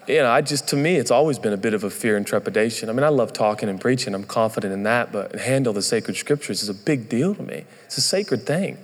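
A man's voice: mid-range voice, long reverb tail. A man in his thirties, a pastor, telling a candid, self-deprecating story in a sermon.

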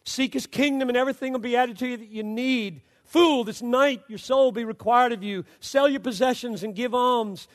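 A man preaching a sermon with passion, moving between loud exhortation and low, hushed storytelling. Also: moderate pace, few pauses, in a large hall.

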